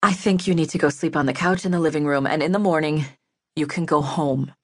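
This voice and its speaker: A woman's voice: sits low, steady tone, a little fast, no room sound, voice pushed down. A woman voicing a bitter, grieving middle-aged mother who scolds angrily and mocks, for an audiobook, dry recording. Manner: angry, mocking, clipped. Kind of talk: audiobook character voice.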